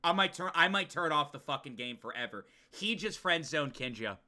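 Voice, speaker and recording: A young man streaming a game, riffing excitedly to his chat and swearing freely at a desk mic. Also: on the high side, moderate pace. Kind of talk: gaming livestream commentary.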